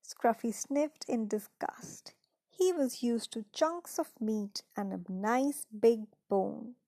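Slow gravelly woman reading a story. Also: on the high side, mellow, no echo. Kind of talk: children's story read aloud.

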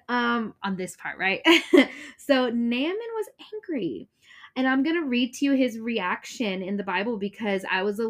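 A woman casually retelling a Bible story, chatty and expressive, acting out the characters' lines and laughing as she goes. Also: mid-range voice. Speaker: Bible study presenter.

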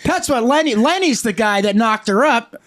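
A man's voice: very high voice, lively intonation, normal speed, fairly bright tone. A man hosting a podcast, rambling and joking in casual banter with heavy swearing. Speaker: podcast host.

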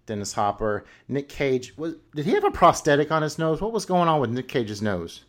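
A man's voice: on the high side, sing-song, normal speed, a bit bright. A man hosting a film podcast, talking in a casual, rambling way full of ums, likes and restarts. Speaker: podcast host.

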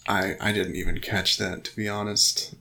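A man's voice: low-pitched, steady tone, normal speed, vocal fry, bright, forceful tone. Wry man co-hosting a book podcast. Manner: wry, dry jokes, frequent restarts and "uh"s. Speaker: podcast co-host. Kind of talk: casual book discussion chat.

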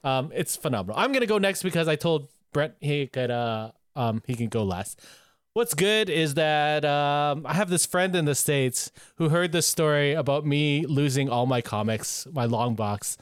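A man's voice: a little high, lively intonation, normal speed, clean tone, dry recording, studio quality. A man co-hosting a podcast, talking casually and enthusiastically, sometimes humming tunes. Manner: enthusiastic, playful, hums theme tunes. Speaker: podcast co-host. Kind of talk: casual chat.

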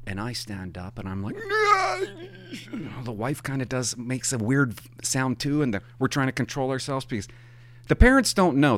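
A middle-aged hockey parent with a medium-pitched voice gives a casual, animated monologue, rambling through a story and swearing to make his points.

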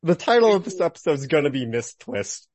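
A man's voice: a little high, sing-song, a little fast, darkish tone, no room sound. A man hosting a podcast, chatting casually and amused. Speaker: podcast host. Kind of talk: casual chat.

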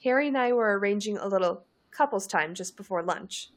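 A woman's voice: medium pitch, expressive, fairly quick, lightly acted. A woman reading the lines of a frank, exasperated teenage witch recounting embarrassing events in a fan story. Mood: candid.

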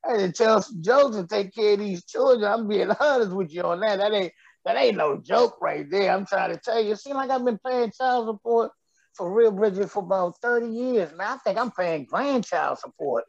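A man's voice: sits high, normal speed, vocal fry, no room sound, dull audio. A middle-aged man, a comedian guest telling stories with frequent laughs. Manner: laughs often, loose storytelling delivery. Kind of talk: joking radio interview chat.

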